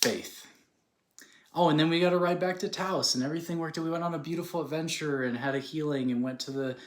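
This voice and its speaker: A man telling a personal story in a casual, rambling way, full of fillers and animated retellings. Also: fairly high pitch, fast talker. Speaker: spiritual speaker. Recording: roomy echo.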